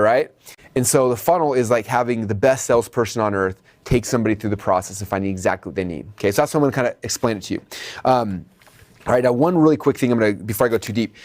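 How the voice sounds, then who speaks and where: Fast-talking man teaching marketing. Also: dry recording. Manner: animated, acts out customer dialogue in high voices. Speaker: marketing instructor. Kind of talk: whiteboard lecture.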